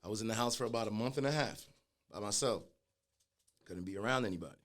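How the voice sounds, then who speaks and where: Man telling his story low-pitched, lively and animated. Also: fast. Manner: animated storyteller, acts out quoted voices. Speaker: guest, clothing brand founder. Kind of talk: casual storytelling in conversation.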